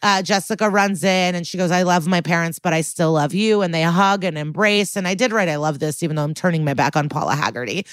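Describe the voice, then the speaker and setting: Woman co-host, lowish voice, dry close sound; chatty, blunt, curses a lot. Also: quick pace, hardly any pauses, clear, resonant tone, dry recording. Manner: animated, blunt, swears freely, many likes and ums. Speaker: podcast co-host. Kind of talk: casual recap chat.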